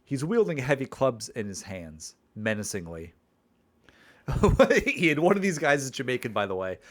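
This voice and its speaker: Streamer: a playful man reading his game's narration, very animated pitch. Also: a little fast. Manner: playful, rambling with restarts. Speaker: streamer and game author. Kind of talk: reading game narration and casual chat.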